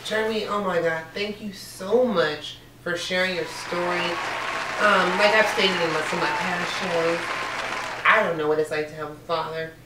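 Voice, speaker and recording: A woman's voice: lowish voice, fairly even intonation, moderate pace, crowd noise. A woman hosting a casual talk show, sassy and affectionate, calling her guest honey. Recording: echoey room, distant mic, faint noise.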